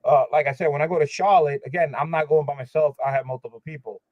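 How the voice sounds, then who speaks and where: A man's voice: on the high side, fairly even intonation, fast, no echo. A man hosting a livestream, chatting casually and complaining emphatically with lots of fillers. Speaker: livestream host. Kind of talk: casual chat. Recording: dull lo-fi sound.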